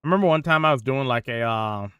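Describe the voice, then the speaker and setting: A man's voice: mid-range voice, fast, a bit bright, clean tone, no room sound, studio quality. A young man chatting casually on a gaming stream into a desk mic, slangy and laughing often.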